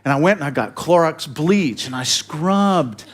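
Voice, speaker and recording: A male pastor with a fairly high-pitched voice tells a story in his sermon. He talks casually, with fillers and restarts. He pokes fun at himself and chuckles along the way. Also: expressive, a little slow. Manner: humorous, self-deprecating, chuckling asides.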